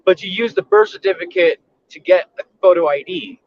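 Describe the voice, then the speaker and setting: A man with an animated voice that swings up and down as he teases and jokes. His voice comes through dull and lo-fi. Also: high voice, fairly quick. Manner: teasing, incredulous. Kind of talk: casual live-stream chat. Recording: dull lo-fi recording.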